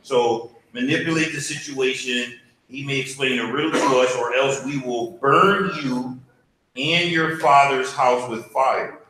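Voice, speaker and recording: A man's voice: medium pitch, unhurried, sharp tone. A man teaching a church Bible class in a casual, conversational way, often asking the class questions. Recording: very echoey room, faint hum.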